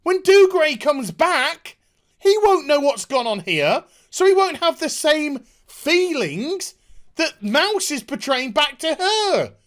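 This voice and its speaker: A woman's voice: high voice, very animated, takes it slowly. A woman giving a sweary, exasperated, sarcastic rant reviewing a TV episode.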